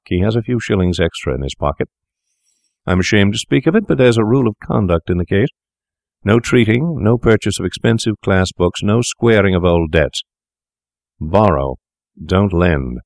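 A man reading aloud, voicing a calm, persuasive young male doctor who coaxes his shaken friend in a smooth, menacing tone. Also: sits low, moderate pace, no room sound, studio quality. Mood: coaxing.

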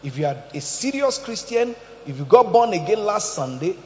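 A man preaching a sermon as pastor, emphatic and joking, swinging between loud bursts and quiet asides. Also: high-pitched, very animated, normal speed, a little hiss or hum. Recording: echoey hall, slightly dull sound.

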